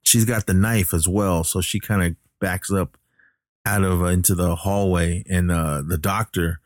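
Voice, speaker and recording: Man, very deep voice, casual rambling film recap, lots of fillers, dry close sound. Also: steady tone, unhurried, no echo. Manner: rambling, full of fillers and self-corrections. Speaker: movie recapper.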